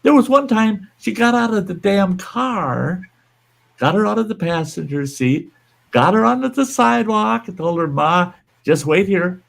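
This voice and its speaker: A man's voice: high voice, lively intonation, normal speed, gravelly. An older man hosting a livestream, telling a story in a blunt, folksy, profane way. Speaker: livestream host. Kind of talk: casual storytelling.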